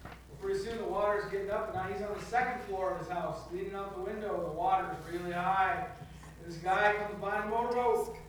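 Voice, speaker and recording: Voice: medium pitch, fairly even intonation, fast, a little hiss or hum. A pastor giving a sermon in a conversational storytelling manner with touches of humor. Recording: echoey hall from far off, faint background.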